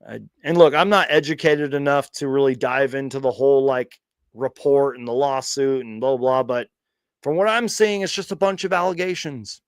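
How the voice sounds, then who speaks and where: This fan live stream host speaks at a moderate pace in a smooth, mid-range voice, recorded dry and clean in a studio. He's chatty and rambling, often starting sentences over and laughing as he goes in the casual question-and-answer session.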